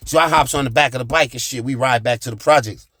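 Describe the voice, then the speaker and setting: A man telling a profane childhood story, animated, with sound effects and shouted reenactments. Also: mid-range voice, fast, dry recording, clean studio sound. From United States.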